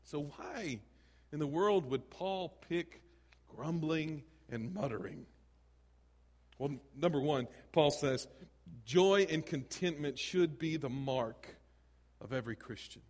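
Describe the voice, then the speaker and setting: A man preaching a sermon as a pastor, conversational and animated, full of rhetorical questions and asides. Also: fairly high pitch, slow pace, long reverb tail.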